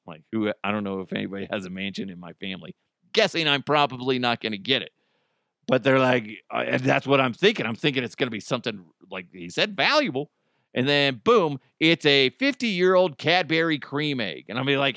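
A man's voice: medium pitch, big pitch swings, moderate pace, fairly bright tone, no room sound, clean studio sound. A middle-aged man hosting a podcast in casual chat, rambling and joking, swearing freely and laughing often. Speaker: podcast host.

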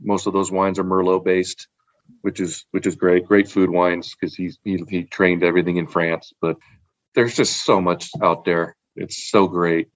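A man's voice: sits low, level tone, measured pace, dry recording, highs cut off. A man in casual chat, rambling about wine with repeated words and frequent laughs. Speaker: podcast guest, wine collector.

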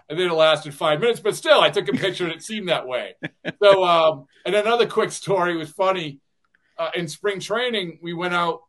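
A man's voice: a little high, fairly bright tone. A man who works as a radio broadcaster, guesting on a podcast and telling rambling stories full of restarts and chuckles. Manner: rambling storyteller, many restarts, chuckles often. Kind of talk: casual interview chat.

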